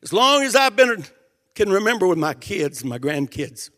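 An older man preaching a fervent sermon, emotional, swinging from shouted passages to quiet storytelling. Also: high-pitched, very animated, moderate pace.

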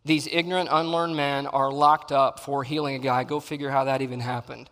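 A man preaching a sermon, acting out Bible scenes and swinging between loud and soft. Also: medium pitch, little pitch movement, a little fast. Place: church sanctuary. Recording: long reverb in a large hall.

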